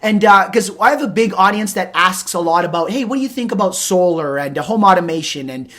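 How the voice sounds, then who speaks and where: A man hosting an interview show, talking in a rambling, animated way and acting out little conversations as he goes. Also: high voice, a little fast. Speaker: host. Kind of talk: casual interview chat.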